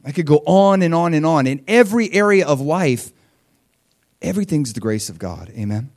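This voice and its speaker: A man in his forties preaching a sermon as a pastor, in an animated, conversational style that swings between quiet asides and loud bursts. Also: a little high, normal speed. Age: 40s.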